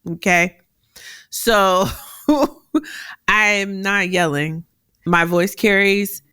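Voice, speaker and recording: A woman hosting a career advice podcast, talking directly with a deep voice that carries, animated and quick to laugh. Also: smooth, dry recording, clean studio sound. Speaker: podcast host.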